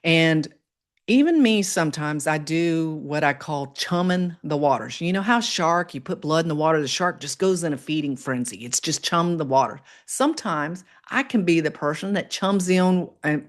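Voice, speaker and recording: A woman's voice: normal speed, few pauses. A woman hosting a casual motivational livestream, chatty and encouraging, reading and answering viewer comments. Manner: upbeat and encouraging, with swoops up in pitch on exclamations. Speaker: livestream host.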